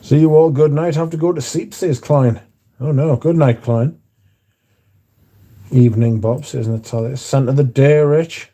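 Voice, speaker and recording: A man's voice: mid-range voice, steady tone, measured pace, warm tone. A man hosts a livestream from home, reading out viewers' chat and bantering back in a laid-back way with casual swearing. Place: indoors at home.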